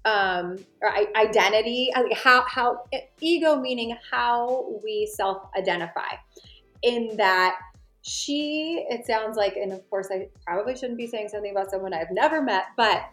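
A woman co-hosting a casual conversation who gives measured, reflective analysis. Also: a little high, fairly bright tone, reverberant, faint music behind.

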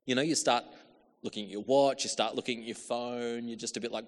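A man delivers a storytelling sermon at an ordinary middle pitch. He acts out little quotes, moving from hushed asides to loud calls. A long hall reverb trails every phrase. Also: animated, fast. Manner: storytelling with acted-out quotes, shifts from hushed to calling out. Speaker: preacher.

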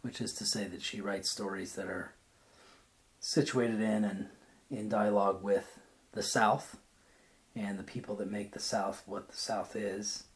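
Brief: a lower-voiced man reading a short story aloud, then reflecting on it in a thoughtful way. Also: fairly even intonation, unhurried. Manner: thoughtful, searching for words. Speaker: reader.

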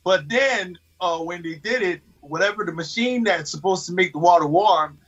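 A man with a husky, slightly high voice recounts his time on set in a casual interview. He is an animated storyteller who laughs often. The recording sounds dull and lo-fi. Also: moderate pace. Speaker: actor.

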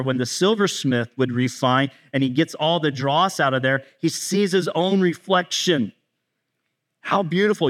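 Guy preaching a sermon, pretty chatty, slightly higher voice, acts out little bits of dialogue. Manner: conversational, acts out dialogue in quick asides; speaks directly to kids in the congregation. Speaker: pastor.

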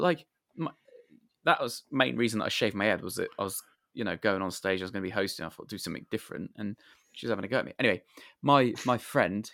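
A low-voiced man telling stories. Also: gravelly, fairly bright tone, no room sound, studio quality. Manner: rambling storyteller, swears casually. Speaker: podcast co-host. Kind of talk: casual chat.

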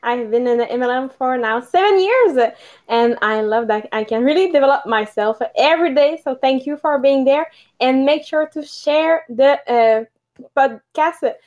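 High-voiced woman in her thirties. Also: moderate pace, lo-fi sound. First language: French. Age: 30s. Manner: steady, explaining, some fillers. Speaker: podcast co-host. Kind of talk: motivational podcast talk.

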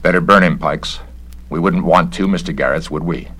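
A man's voice: low voice, moderate pace, pushed and bright, breathy edge, exaggerated voice. A man reading a story aloud, voicing a bitter, scheming male mansion owner with sardonic, theatrical delivery.

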